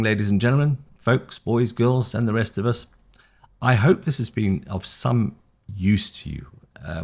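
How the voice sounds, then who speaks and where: A British man teaching an online English lesson, friendly and encouraging, with a sing-song rise and fall. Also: lowish voice. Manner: lively, sing-song intonation with big rises and falls; friendly, encouraging, rambling with restarts.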